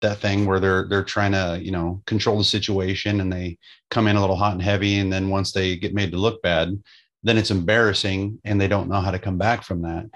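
A man's voice: sits low, little pitch movement, brisk, highs cut off. A man who works as a jail deputy, talking bluntly and casually about the job in a podcast chat.

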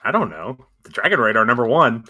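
A male podcast co-host chatting casually, animated and jokey, and he often drops into quick impressions. His pitch rises and falls a lot, and his voice has a bright, forward edge. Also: breathy edge. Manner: animated, slips into impressions while joking. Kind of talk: casual chat.

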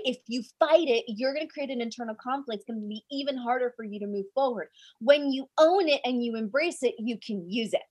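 A woman speaking English as a second language, a life coach telling a personal story in an interview, with lots of "right?" and "like". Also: a little high. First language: not English. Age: 20s at the time recalled; now older. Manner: animated, many "right?" tags and "like" fillers.

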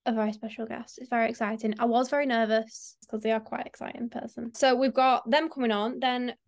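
A young woman hosting a casual podcast, chatting in a rambling way with lots of fillers. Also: on the high side. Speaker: podcast host.

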